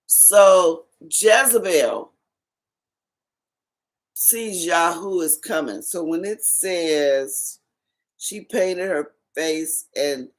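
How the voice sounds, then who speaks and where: A woman's voice: fairly low pitch, extremely slow. A woman, the host's aunt, explaining scripture patiently and emphatically in a casual Bible study.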